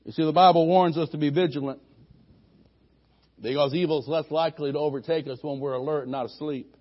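A man with a high voice preaches to his congregation, climbing into loud, emphatic bursts before falling back to soft, conversational asides. The recording is dull and muffled, like old lo-fi church audio. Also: fairly even intonation, brisk. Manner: preaching with sudden loud rising peaks and quiet asides. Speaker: pastor. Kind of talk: sermon.

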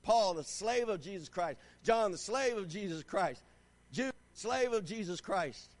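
A man preaching a sermon, his voice pitched high for a man. He reads scripture aloud and exhorts the congregation with growing fervor, often asking for an "Amen.". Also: expressive, measured pace. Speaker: pastor.

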